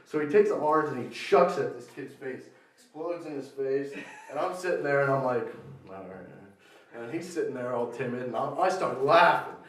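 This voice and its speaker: A man doing a crude, deadpan stand-up comedy set at a live show. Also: medium pitch, a little fast. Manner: deadpan, crude, slips into shouted put-on voices for quoted people. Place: live show venue with audience laughter. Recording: echoey room, mic heard from a distance.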